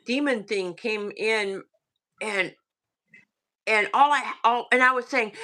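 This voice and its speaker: A woman with a Southern US accent casually recounting a ghost story, hushed and halting with many fillers. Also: on the high side.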